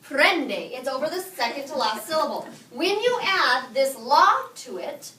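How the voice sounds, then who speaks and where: A woman teaching a high school Spanish class, quizzing her students and repeating their answers back to them. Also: big pitch swings, moderate pace, sharp tone. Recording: echoey classroom from far off.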